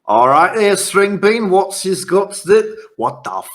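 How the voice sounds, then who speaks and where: A man's voice: sits high, very animated, measured pace, voice pushed up. A man playing a sly, flirtatious gambling-table dealer who talks in a smarmy, teasing way.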